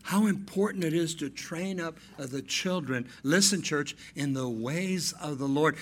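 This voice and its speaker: Pastor, male, 50s, high voice; sermon delivery, shifts between hushed asides and loud emphatic points. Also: unhurried, few pauses. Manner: storytelling preacher, swings between soft asides and emphatic raised points.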